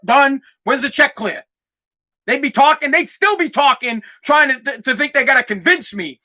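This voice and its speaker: A man hosting his own podcast, ranting loudly and profanely in a solo monologue. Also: extremely high pitch, normal speed. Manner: loud, profane, animated rant. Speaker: podcast host.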